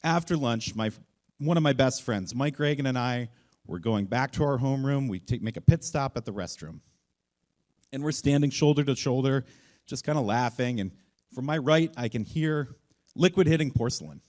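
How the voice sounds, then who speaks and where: A man telling a funny personal story on stage at a live event, self-mocking and acting out the voices in it. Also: moderate pace. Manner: animated, self-mocking, acts out voices with big jumps in pitch.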